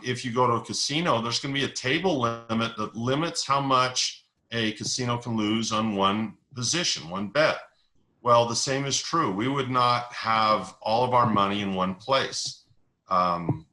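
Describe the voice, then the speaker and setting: Bright-voiced man explaining investing. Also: mid-range voice, slight background noise, low-quality recording. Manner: explains with analogies and stories, repeats key words. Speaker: investing educator, interview guest. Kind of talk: conversational explanation.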